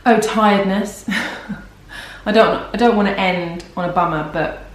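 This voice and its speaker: A young pregnant woman talks to her camera in a rambling, self-deprecating way, sounding worn out. Her voice sits at an ordinary middle pitch. The room around her rings with heavy echo. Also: measured pace. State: pregnant and tired. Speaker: vlogger. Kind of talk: casual vlog chat. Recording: very echoey room.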